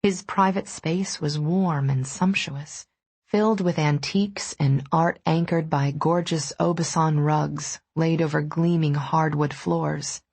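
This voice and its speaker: A woman narrating a first-person romance audiobook in a steady, intimate storytelling manner. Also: deep voice, slow, breathy edge, no room sound.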